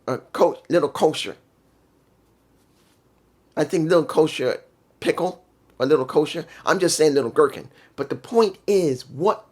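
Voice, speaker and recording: Heated, cursing wrestling reviewer. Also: mid-range voice. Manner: heated, profane ranting. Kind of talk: casual review vlog.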